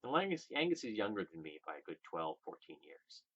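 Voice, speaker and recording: A man telling a personal story to his viewers, shifting from loud emphasis to hushed whispers. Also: lowish voice, very animated, brisk, slightly rough, muffled recording. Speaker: vlogger.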